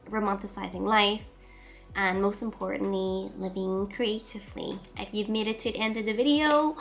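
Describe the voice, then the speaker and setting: Woman vlogging, soft and open, lots of ums and little pauses, faint music under her. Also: medium pitch, gravelly. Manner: soft-spoken and open, with many fillers and trailing pauses. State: nasal from a cold. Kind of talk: reflective casual vlog talk.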